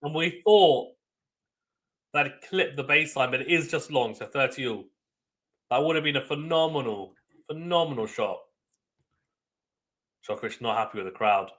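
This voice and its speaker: A young man calls a tennis match live for a watchalong stream, his voice bright and forward with a ringing edge. He moves from steady point-by-point description into sudden loud bursts of surprise. His pitch sits in an ordinary middle range. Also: normal speed, pauses often. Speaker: watchalong host.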